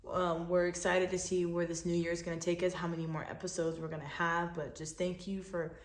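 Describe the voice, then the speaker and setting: Woman host, low-ish voice, earnest encouraging faith talk, roomy echo. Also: little pitch movement, a little fast. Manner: emphatic, encouraging, repetitive. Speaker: podcast co-host. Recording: echoey room.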